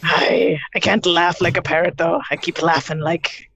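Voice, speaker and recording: A woman's voice: lowish voice, steady tone, moderate pace, fairly bright tone, a little hiss or hum. A woman from Canada calling into a live stream, joking playfully while driving. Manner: playful, slips into a pirate voice. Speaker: caller on the stream. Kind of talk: casual call-in chat.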